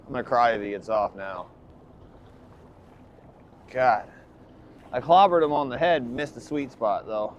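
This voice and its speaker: A man commercial fishing on a boat, live-streaming to his chat and swinging from hyped shouts to low muttering. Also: unhurried, long pauses, dull audio, slight background noise.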